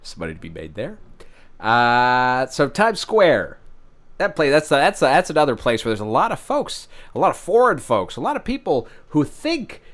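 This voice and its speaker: A man's voice: mid-range voice, wildly swooping pitch, normal speed, a bit bright. A man hosting an improvised comedy bit, rambling and provocative, stammering through lots of fillers. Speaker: comedy show host.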